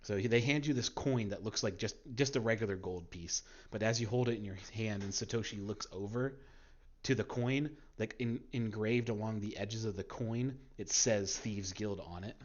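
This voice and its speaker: A man narrating a tabletop game as game master, halting and full of fillers and restarts. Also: lowish voice. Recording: dull lo-fi sound.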